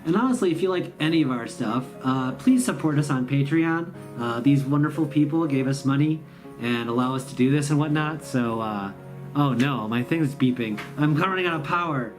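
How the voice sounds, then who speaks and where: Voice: mid-range voice, moderate pace, faint music behind. A host, telling a sarcastic, rambling comic story about the holidays. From Midwestern US. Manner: sarcastic, rambling, self-mocking. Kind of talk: comedic storytelling monologue.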